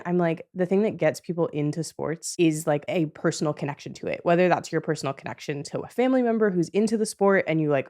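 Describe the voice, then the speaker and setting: A woman hosting a podcast in casual chat, bubbly and laughing often with quick asides. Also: sits low, darkish tone. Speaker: podcast host.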